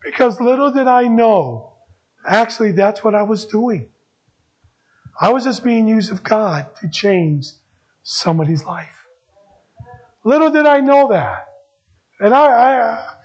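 A middle-aged man preaching a sermon as pastor, earnest and repetitive, moving between emphatic lines and soft ones. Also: sits high, lively intonation, slow, long pauses, lo-fi sound.

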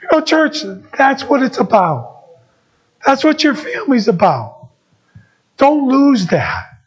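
A middle-aged man preaching a sermon as pastor, earnest and repetitive, moving between emphatic lines and soft ones. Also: very high voice, huge pitch swings, slow pace, breathy edge, lo-fi sound.

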